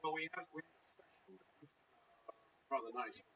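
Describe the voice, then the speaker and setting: A man's voice: a little high, animated, normal speed, pushed and bright. A man with a Yorkshire accent, a guest joking dryly about himself in casual chat. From Yorkshire, England. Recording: dull, distant sound with faint noise.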